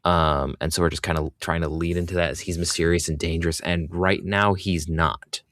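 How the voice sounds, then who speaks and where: A man's voice: deep voice, fairly even intonation, fairly quick, fairly bright tone, no echo, studio quality. A man co-hosting a podcast in casual chat, hesitant with many fillers but opinionated. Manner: hesitant, full of ums and likes, opinionated. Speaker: podcast co-host.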